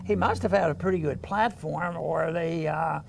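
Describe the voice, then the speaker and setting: An older man co-hosting a casual political chat, speaking haltingly with many restarts and chuckles, his voice gravelly. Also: on the high side, a little hiss or hum. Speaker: co-host.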